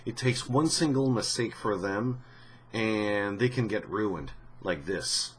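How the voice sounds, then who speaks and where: A man's voice: on the low side, animated, slow pace, breathy edge. A man giving casual commentary on gaming news for his channel, talking in a rambling, blunt way with many restarts and the odd swear word.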